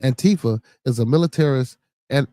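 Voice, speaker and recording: A man's voice: medium pitch, moderate pace, warm tone, no echo. A man with a Chicago accent hosting a podcast, chatting casually in a rambling, profane way and reading news stories aloud. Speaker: podcast host.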